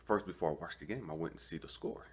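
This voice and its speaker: Low gravelly man preaching, animated. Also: fast. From California. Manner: animated storytelling, acts out both sides of a talk; streetwise slang, keeps asking "you know what I mean". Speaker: online preacher. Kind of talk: casual preaching to camera.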